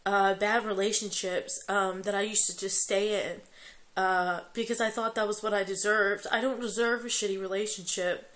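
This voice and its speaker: A young woman records a late-night confessional vlog at home, her voice tearful from crying. She rambles in fits and starts, swears freely, and stalls on fillers, all at a middle pitch. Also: steady tone, fairly bright tone. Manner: rambling, profane, halting with many fillers. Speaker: vlogger.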